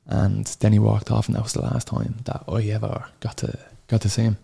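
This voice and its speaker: An Irish man in his thirties with a low, gravelly voice and a dark, mellow tone. He tells a painful personal story as a podcast guest, halting often and swearing freely as the sorrow catches up with him. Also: monotone. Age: 30s.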